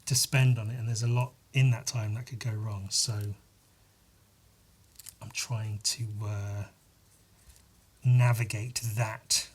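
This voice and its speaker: A man's voice: on the low side, little pitch movement, slow, long pauses, slightly rough. A man hosting his own podcast in a casual solo monologue, rambling and self-deprecating and swearing now and then. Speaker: podcast host.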